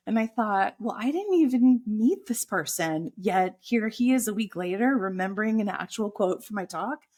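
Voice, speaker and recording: A woman speaking at a middle pitch, telling a lively personal anecdote as a podcast guest. She slips into quoted inner thoughts as the story builds. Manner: animated anecdote with voiced quotes of her own thoughts.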